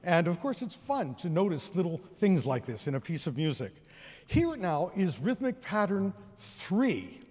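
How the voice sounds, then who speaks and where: Presenting an educational concert, a man leads the audience in counting and singing rhythms alongside the orchestra. His voice sits high and is sing-song and a little mellow, his pace a little slow, with the long reverb of a large theater hall.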